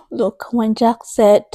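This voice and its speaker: A woman in her thirties talks straight to camera in a chatty book vlog, emphatic and a little exasperated, repeating lines for effect. Her voice sits slightly high but sounds warm and mellow. The sound is close and dry. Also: flat delivery, drawn-out words, no room sound. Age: 30s. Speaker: book vlogger.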